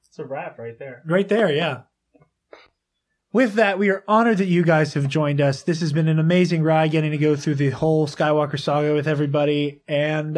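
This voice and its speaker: A woman hosting a podcast in casual chat, chatty, laughing often and restarting her sentences. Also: lowish voice. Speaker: podcast host. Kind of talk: casual chat interviewing a child guest.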